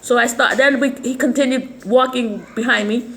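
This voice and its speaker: Woman vlogger, somewhat high voice; agitated, rambling delivery with stumbles and repeats. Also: steady tone, moderate pace, fairly bright tone. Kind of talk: casual vlog monologue.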